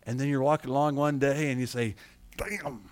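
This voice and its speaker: A middle-aged man preaching a sermon, animated, acting out quotes and asking his congregation questions. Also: mid-range voice, quick pace, clean tone, no room sound. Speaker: pastor.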